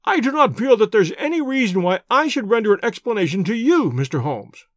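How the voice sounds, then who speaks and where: Man doing an indignant, curt, high-voiced doctor. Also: very animated, fairly quick, dry recording, clean studio sound. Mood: furious. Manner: curt, indignant, clipped replies. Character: stern, proud middle-aged male doctor, quick to anger.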